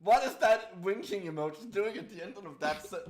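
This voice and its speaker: High lively voiced young man podcaster. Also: a little fast, crowd noise. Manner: wry, swearing, reads aloud with restarts. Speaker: podcast co-host. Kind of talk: casual comedic podcast chat.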